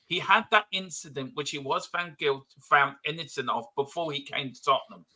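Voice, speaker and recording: A man's voice: fairly high pitch, brisk, pushed and bright. A man hosting a casual football fan podcast, chatty, asking his co-host questions and reading out viewer comments.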